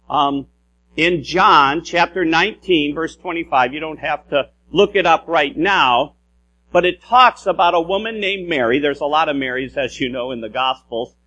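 A man preaching a sermon with a somewhat high voice. He explains step by step, often restarts his phrases and keeps tucking in "if you will". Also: a bit bright.

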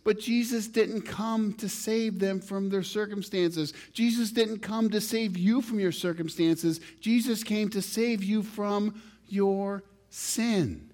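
Male pastor, sermon, high voice, rising and falling emphasis, reads scripture aloud. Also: steady tone, slow pace, a little mellow. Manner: reads scripture aloud, rises and falls in pitch and volume for emphasis.

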